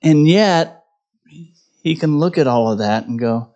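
A man's voice: on the high side, expressive, unhurried, a little mellow, lo-fi sound. A middle-aged man preaching a conversational sermon, poking fun at himself and often asking "right?". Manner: conversational, self-deprecating, tags lines with "right?". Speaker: pastor.

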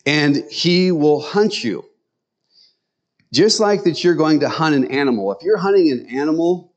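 A middle-aged man preaching a sermon in a conversational way, with joking asides to the congregation. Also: a little high. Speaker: pastor.

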